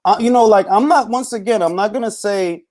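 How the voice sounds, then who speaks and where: A man hosting a live boxing talk stream in casual, laid-back chat, shouting out viewers by name. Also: sits high, brisk.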